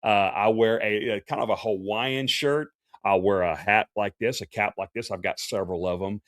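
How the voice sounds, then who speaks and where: A professional Santa performer hosts a casual livestream Q&A, speaking at normal speed in a fairly low, slightly bright voice. The studio-quality sound has no echo, and his folksy, chatty talk is full of fillers and restarts.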